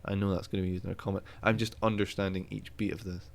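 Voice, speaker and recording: A man with a fairly low voice chats loosely on a podcast, opinionated and quick to curse as he rants about what he likes and hates. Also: level tone, creaky. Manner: opinionated, swears freely, ranting. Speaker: podcast co-host. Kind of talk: casual podcast chat.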